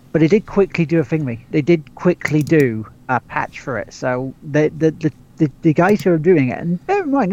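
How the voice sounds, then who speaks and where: A man's voice: a little high, creaky, darkish tone. A man co-hosting a gaming podcast, chatting casually and rambling upbeat through restarts. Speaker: podcast co-host. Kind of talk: casual chat. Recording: muffled lo-fi mic.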